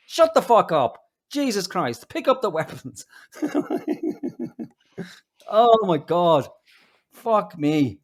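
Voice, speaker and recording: An Irish man tears into the news in a mocking, foul-mouthed rant. His voice sits somewhat high for a man. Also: very animated, takes it slowly, long pauses. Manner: sweary, mocking, ranting. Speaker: co-host. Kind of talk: profane comedic rant.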